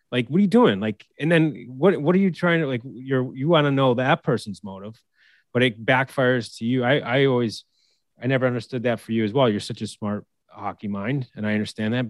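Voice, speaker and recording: A man's voice: medium pitch, no echo. A man co-hosting a casual hockey talk show, fired up, swearing, and acting out quotes. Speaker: co-host, former pro hockey player and coach.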